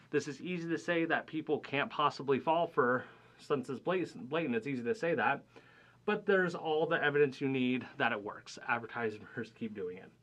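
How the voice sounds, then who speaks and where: A man's voice: on the high side, sharp tone. A young man teaching a math class in a casual, conversational way, often checking in with "right?" and "okay?" between points. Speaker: math instructor. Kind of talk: recorded classroom lecture.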